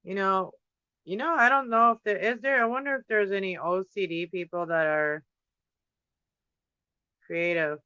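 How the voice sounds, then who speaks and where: Bright-voiced man rambling while he paints. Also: sits high, normal speed, long pauses, clean tone, no room sound, dull audio. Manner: thinks aloud, drifting from topic to topic with fillers. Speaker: livestream host painting on camera. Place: indoors at home.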